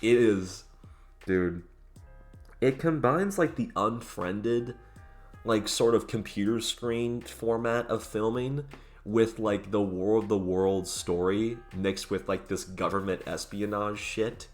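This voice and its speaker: Low voiced dude rambling thru a movie ranking, tons of likes and uhs, cusses now and then. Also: male voice, slow, faint music behind. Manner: rambling, heavy "like" and "uh" fillers, swearing. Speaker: movie reviewer. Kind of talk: casual spoken review.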